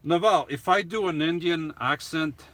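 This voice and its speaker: A man's voice: a little high, normal speed, a bit bright. A man hosting a livestream, rambling casually as he answers viewer comments. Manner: rambling, self-correcting, chatty. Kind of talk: casual live chat.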